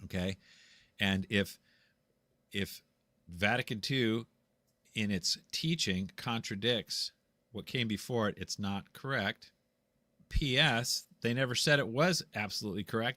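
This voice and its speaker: A man's voice: on the low side, measured pace, long pauses, bright, forceful tone, dry recording. A man in a casual debate, speaking bluntly and insistently in a preachy, lecturing way. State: tired after a long talk. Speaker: guest.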